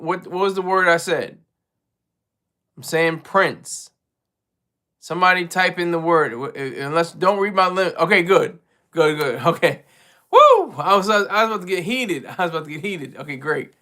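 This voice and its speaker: A man with a high, bright voice talks casually on a home livestream. He rambles and restarts his sentences often. He keeps putting himself down. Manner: rambling, self-deprecating, many restarts. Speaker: livestream co-host and regular caller.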